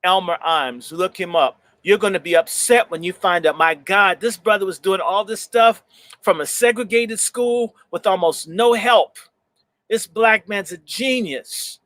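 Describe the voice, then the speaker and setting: A man's voice: sits high, sharp tone, dry recording. A male host talking with heat and emphasis, repeating phrases for force, and reading passages aloud from a book.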